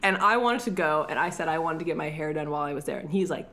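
A woman's voice: deep voice, fast. A woman in casual chat, recapping a film with lots of laughter and acted-out lines. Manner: animated, laughs often, acts out characters' lines. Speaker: podcast co-host.

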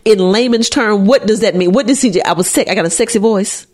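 A woman co-hosting a podcast in casual chat, talking with a nasal voice from a cold, animated and playful with slangy banter. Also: mid-range voice, fast talker. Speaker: podcast co-host.

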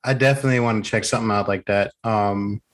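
A man's voice: fairly low pitch, fairly even intonation, fast, a little hiss or hum. A man co-hosting a casual podcast, chiming in with short, hesitant remarks. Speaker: podcast co-host.

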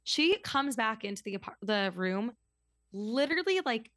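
A woman in her twenties telling a story as a podcast guest, in a casual, chatty way full of "like" and quick asides. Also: fairly high pitch, no echo, studio quality. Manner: chatty, lots of "like", animated retelling.

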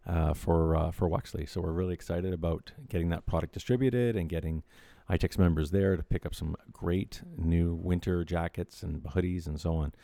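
A man's voice: low-pitched, fairly even intonation, moderate pace, creaky, mellow, dry recording. A middle-aged man co-hosting a casual podcast, rambling with fillers and dry jokes. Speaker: co-host.

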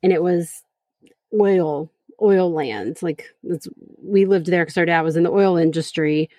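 A woman, co-hosting a casual podcast in a quick, matter-of-fact way. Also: fairly low pitch, mellow, no room sound, clean studio sound. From Texas. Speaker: podcast co-host. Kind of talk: casual chat.

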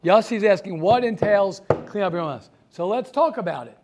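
A man teaching a yeshiva class, talking in a lively way, firing rhetorical questions and telling everyday stories. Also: high-pitched, fairly quick, noisy background.

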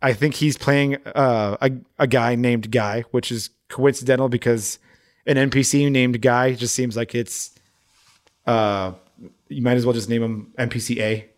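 A man in easygoing conversation with a medium-pitched voice. He rambles and hesitates, with frequent fillers and restarts, in a loose, unscripted chat. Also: fairly even intonation, unhurried. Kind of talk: casual chat.

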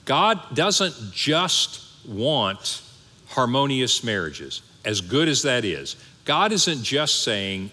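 Man, pastor, sermon, animated, bright forceful voice, long reverb. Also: medium pitch, slow pace. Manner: animated, conversational preaching with asides.

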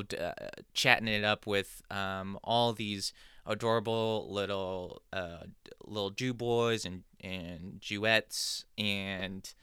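A man's voice: fairly low pitch, bright, forceful tone, clear, resonant tone, no room sound, studio quality. A man hosting a podcast, telling a casual comedic monologue in a rambling, digressive, self-deprecating way. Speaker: podcast host.

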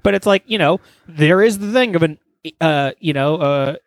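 A man's voice: fairly high pitch, moderate pace, no room sound. A man on a podcast in casual chat, rambling and flustered, swearing often and laughing nervously. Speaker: podcast co-host. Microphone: studio microphone.

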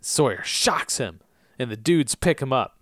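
A man's voice: mid-range voice, expressive, unhurried, no echo, studio quality. A man co-hosting a podcast, recapping TV episodes in casual chat and joking as he slips into character voices. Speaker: podcast co-host.

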